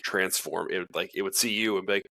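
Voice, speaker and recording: A man's voice: deep voice, steady tone, fast talker, vocal fry, pushed and bright, dry recording. A man co-hosting a podcast, talking casually and rambling with lots of filler words. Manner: rambling, heavy on filler words, laughs easily. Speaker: podcast co-host. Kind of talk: casual chat.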